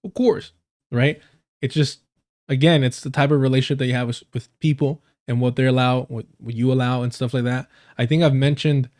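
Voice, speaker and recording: A man's voice: medium pitch, darkish tone. Profane, laughing man telling stories. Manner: profane, laughs often, loose and rambling. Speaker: live streamer. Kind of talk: casual storytelling.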